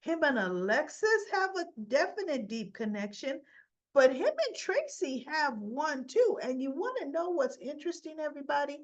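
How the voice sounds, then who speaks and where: A woman hosting a casual soap opera recap vlog, retelling scenes in an animated way with quoted lines. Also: high voice, normal speed.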